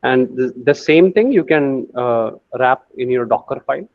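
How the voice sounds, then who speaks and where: A man's voice: medium pitch, expressive, moderate pace, dry recording, phone-quality sound. A man teaching a screen-share coding lesson, thinking aloud with many fillers and restarts. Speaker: AI course instructor.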